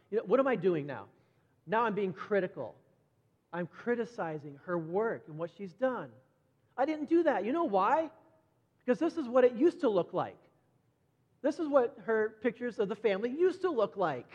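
A middle-aged man preaching a sermon conversationally, repeating words as he goes and brightening when he acts out quoted voices. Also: high-pitched, animated, moderate pace. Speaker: pastor. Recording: dull lo-fi sound with long hall reverb.

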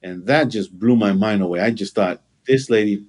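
A man giving an earnest personal testimony in an interview, halting and full of fillers. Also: fairly low pitch, a little mellow. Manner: halting, with frequent fillers and restarts; earnest, with occasional laughter. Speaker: interview guest.

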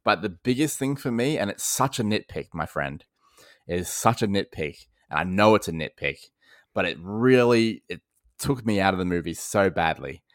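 A man's voice: fairly low pitch, expressive, moderate pace, no room sound, clean studio sound. An Australian man hosting a casual film podcast, ranting animatedly and breaking into laughs. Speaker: podcast host.

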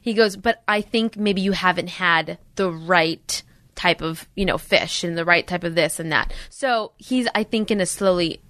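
A woman guest in a casual chat, gushing and giggly, with soft breathy asides. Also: on the low side, moderate pace, no echo.

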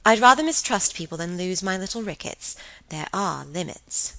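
A woman voicing a thoughtful, earnest young woman who speaks politely and gently chides in an audiobook. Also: fairly low pitch, expressive, moderate pace, vocal fry, no echo, heavily acted, poor audio.

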